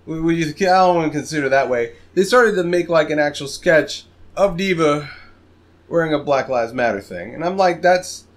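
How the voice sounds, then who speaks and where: A man's voice: fairly high pitch, moderate pace. A man hosting a casual gaming podcast, swearing often and ranting. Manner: animated, swears a lot, rants. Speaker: podcast host.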